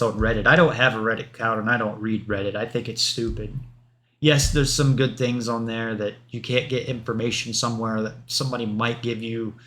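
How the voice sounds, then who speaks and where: A man's voice: medium pitch, a bit bright. Male streamer, casual and rambling; reads stat lists aloud, breaks off for asides. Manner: rambling, rattles off number lists with offhand asides. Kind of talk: livestream commentary reading patch notes.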